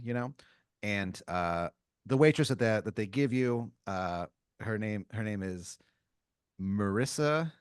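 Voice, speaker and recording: A man co-hosting a comedy podcast spins an improvised story told in the second person, rambling through it with plenty of fillers and restarts. His voice is lowish, captured in a dry, clean studio recording.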